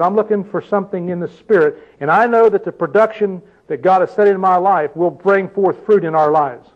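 An older man preaching a sermon in a conversational way, often asking his listeners questions. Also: high voice. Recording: dull lo-fi recording.

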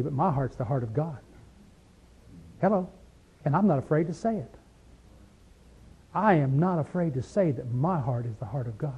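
High-voiced fervent male preacher. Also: husky, poor audio. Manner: fervent, rhetorical questions, swings from loud to hushed. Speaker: Bible teacher. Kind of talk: sermon-style Bible study.

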